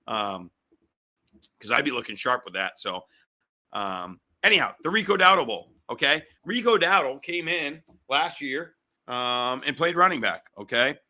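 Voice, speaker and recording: A middle-aged man hosting a sports betting podcast, talking fast and fired up, repeating himself. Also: medium pitch, expressive, bright, forceful tone.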